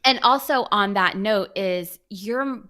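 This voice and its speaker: A woman in her thirties co-hosting a podcast, chatting casually in a teasing, animated way. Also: mid-range voice, takes it slowly. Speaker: podcast co-host. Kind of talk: casual chat.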